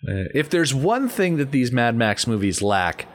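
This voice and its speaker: Lively man recapping a movie. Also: mid-range voice, a little slow. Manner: animated, playful storytelling. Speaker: podcast co-host. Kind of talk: casual movie commentary.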